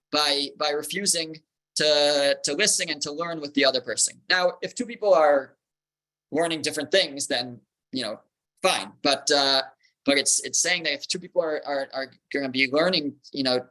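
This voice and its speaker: A man teaching a Torah class as a rabbi, explaining slowly with repeated words as he thinks and Hebrew terms mixed in. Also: on the high side, bright, forceful tone, poor audio.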